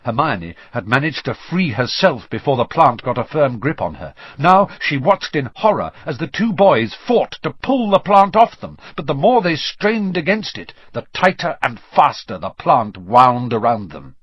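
Male storybook narrator, husky, expressive, pitch moves a lot. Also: normal speed, few pauses, dry recording. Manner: expressive, varied reading. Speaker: audiobook reader. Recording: slightly dull lo-fi recording.

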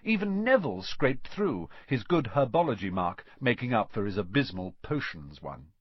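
A man reads a children's fantasy audiobook with lively, expressive phrasing and a voice that rises and falls a lot. The recording is dry, close and a little dull. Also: lowish voice, moderate pace, slightly rough, no echo. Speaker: audiobook narrator. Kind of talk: scripted narration.

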